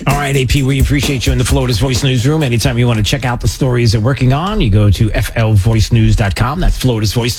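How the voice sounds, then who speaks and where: A man's voice: medium pitch, quick pace, few pauses, loud music behind the voice. A man hosting a talk radio show, chatting casually and rambling with a joking, self-deprecating manner.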